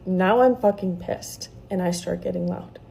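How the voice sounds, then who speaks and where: A woman's voice: on the low side, normal speed, creaky, dark tone, a little hiss or hum. A woman retelling a frightening experience in a casual storytime vlog, heated and full of swearing.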